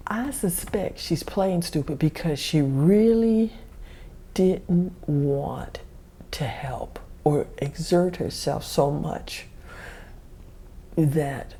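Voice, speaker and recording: Slow, low-voiced woman podcaster. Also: mellow, husky. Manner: rambling, self-correcting, chuckles often. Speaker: podcast host. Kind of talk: casual storytelling monologue.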